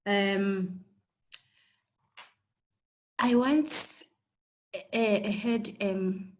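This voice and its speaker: A woman's voice: medium pitch, extremely slow, low-quality recording. A woman with a South African accent teaching a school technology lesson, stammering on repeated words and checking in with "okay?" often. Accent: South African English. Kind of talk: live online lesson.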